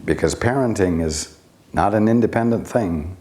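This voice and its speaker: A man giving a spiritual teaching talk, speaking deliberately with long pauses and rhetorical questions. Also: low voice, darkish tone.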